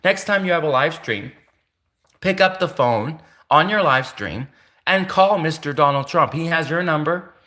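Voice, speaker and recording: A man's voice: fairly high pitch, animated, normal speed, sharp tone. A man hosting a livestream, ranting casually and repeating himself as he speaks straight to the person he is calling out. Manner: repetitive, keeps addressing his target directly. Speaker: livestream host.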